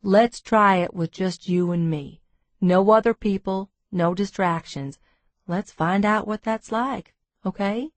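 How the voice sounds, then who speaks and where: Brief: calm, self-assured male love interest read by a woman, mid-pitched and low-key, dry booth sound. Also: takes it slowly, no room sound, lightly acted. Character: charming confident adult male lover, calm and teasing.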